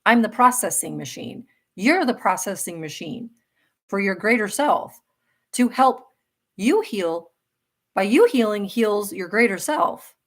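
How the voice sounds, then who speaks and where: A woman's voice: mid-range voice, very animated, a little slow. Middle-aged woman host of a live spiritual Q&A; earnest, emphatic delivery, mid-range voice. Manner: earnest and emphatic, with laughs and self-corrections.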